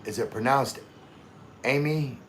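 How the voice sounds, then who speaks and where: A man's voice: mid-range voice, measured pace, fairly bright tone, slight background noise. A middle-aged man from Louisiana with a Southern accent, hosting a casual livestream, chatting with viewers in a laid-back, drawling way and greeting them by name. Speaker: livestream host. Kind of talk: casual live chat reading comments.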